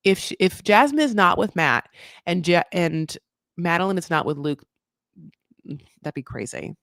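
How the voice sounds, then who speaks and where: A woman's voice: fairly low pitch, animated, moderate pace, fairly bright tone, no echo, clean studio sound. A woman hosting a casual live TV recap, chatty, rambling and sarcastic. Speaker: host of a TV recap show.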